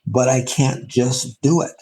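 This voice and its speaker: A man, a spiritual teacher, giving a reflective answer in an interview, halting and restarting as he thinks. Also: mid-range voice, steady tone, warm tone, rough recording. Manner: halting and thoughtful, with frequent restarts and pauses.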